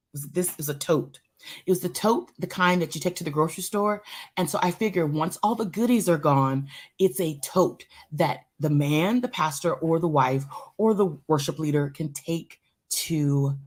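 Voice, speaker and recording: A woman hosting a live church show, telling a story as a testimony, animated and talking straight to her listeners, often repeating her phrases. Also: lowish voice.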